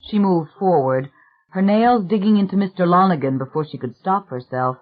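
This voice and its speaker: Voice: mid-range voice, lively intonation, moderate pace. Audiobook narrator over a tinny line. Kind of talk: scripted narration. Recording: tinny phone-like sound.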